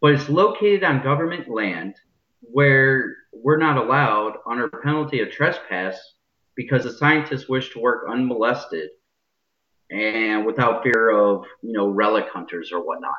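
A man's voice: medium pitch, a little slow, reverberant, highs cut off. A man co-hosting a casual podcast chat, talking loosely and hedging with lots of "you know" fillers.

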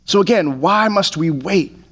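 A man's voice: high-pitched, expressive, unhurried, a bit bright, husky. A man preaching a sermon as pastor, earnest, often restarting his words.

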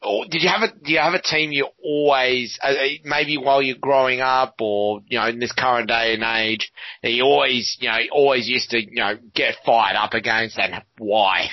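A man's voice: mid-range voice, fairly even intonation, no room sound. A man hosting a casual sports interview, teasing his guest and firing off questions. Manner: chatty, teasing quick questions. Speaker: interviewer, host. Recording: dry, dull lo-fi audio.

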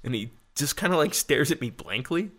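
A man's voice: on the high side, expressive, brisk, a bit bright, a little hiss or hum. A man telling a story in casual chat, rambling and swearing, with lots of "like" fillers. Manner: rambling, profane, heavy use of "like".

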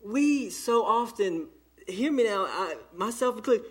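Southern guy preaching real slow, bit high voice, leans hard on his pauses. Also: animated, husky. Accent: Southern American. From American South. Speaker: pastor. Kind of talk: sermon. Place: church during an evening service.

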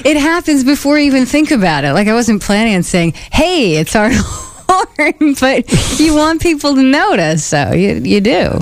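A woman's voice: sits high, big pitch swings, normal speed, hardly any pauses, no echo. A woman co-hosting a radio show, chatting with giggly banter. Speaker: radio co-host. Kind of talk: casual talk radio chat.

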